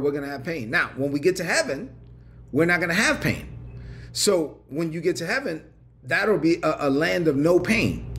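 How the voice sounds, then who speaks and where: A man's voice: a little high, a little hiss or hum. A man preaching a livestreamed sermon with a repetitive, rhythmic cadence, calling on viewers to respond in the chat. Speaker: pastor. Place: online livestream.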